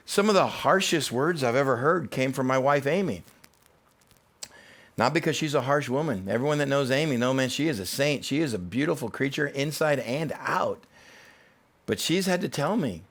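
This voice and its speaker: A male pastor preaches in a loose, chatty way, mixing jokes into his teaching. His pitch moves a lot, climbing and falling as he makes his points. The pitch itself sits in a middle range. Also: normal speed. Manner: animated, conversational preaching with humor. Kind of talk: sermon. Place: church.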